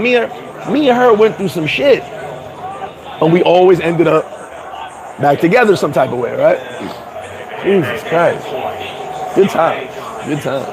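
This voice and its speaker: A man hosting a casual livestream, laughing often, talking in slang and giving shout-outs to viewers. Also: high voice, expressive, a little slow, pauses often, rough recording. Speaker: livestream host. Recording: crowd chatter behind.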